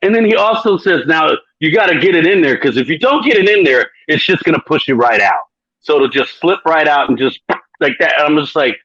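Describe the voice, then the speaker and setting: A man's voice: on the high side, moderate pace, slightly rough, no echo, lo-fi sound. A man hosting a podcast, telling a long crude story casually, swearing and laughing often. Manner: profane, laughing, animated storyteller. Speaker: podcast host.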